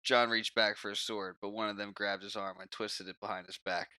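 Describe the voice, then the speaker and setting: A man's voice: lowish voice, fairly quick, clean tone. A young man co-hosting a book podcast, bluntly chatting and reading passages aloud. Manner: blunt, swearing, animated. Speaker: podcast co-host and reader. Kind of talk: casual chat and reading aloud.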